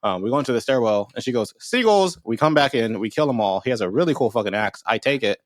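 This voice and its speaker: A man's voice: mid-range voice, fast talker, no room sound, clean studio sound. A man casually recapping the last session of a tabletop game, telling it with jokes and laughs. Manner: laughing, jokey storyteller. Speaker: player.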